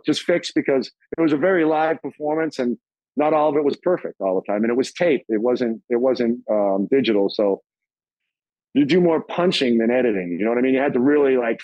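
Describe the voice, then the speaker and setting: A middle-aged man telling stories as an interview guest, casual and profane, acting out quoted voices in a higher pitch. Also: darkish tone, no echo, dull audio.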